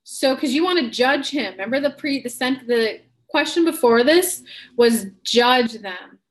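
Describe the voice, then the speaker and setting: A woman's voice: fairly high pitch, lively intonation, a little slow. A woman life coach on a live stream, answering viewers by name and speaking bluntly and earnestly, with casual swearing.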